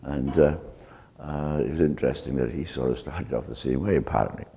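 A man preaching a sermon, telling a personal testimony in an unhurried, anecdotal way. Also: a bass voice, gravelly, dark tone, slight background noise. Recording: long reverb of a hall.

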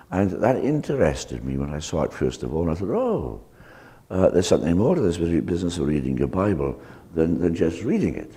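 A man preaching a sermon, telling a personal testimony in an unhurried, anecdotal way. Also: rumbling low, dark tone. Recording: long reverb of a hall.

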